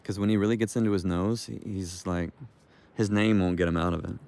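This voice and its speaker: A man's voice: low-pitched, steady tone, a little fast, a little mellow, no room sound. A man vlogging outdoors while walking his dog, talking in a loose, meandering way with restarts. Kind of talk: rambling walk-and-talk vlog.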